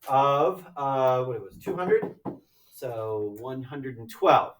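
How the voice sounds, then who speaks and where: A man teaching a high school math class, lecturing conversationally and often checking in with "right?" and "okay?". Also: expressive, slow pace, recorded from a distance, background noise. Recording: echoey classroom, mic from afar.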